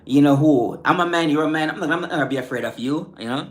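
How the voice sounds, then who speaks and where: Speaking on the high side and fast, this middle-aged man from the Caribbean islands chats casually with viewers on his livestream. His island accent comes through, and he stays relaxed, sprinkling in "man" and "you know" as he goes.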